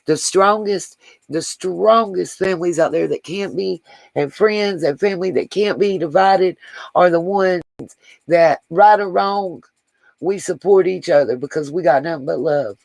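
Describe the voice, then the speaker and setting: A livestream host with a mid-range, creaky, somewhat dark voice speaks at a measured pace, rambling warmly and addressing viewers directly as he reads their comments aloud. The recording is dry and rough.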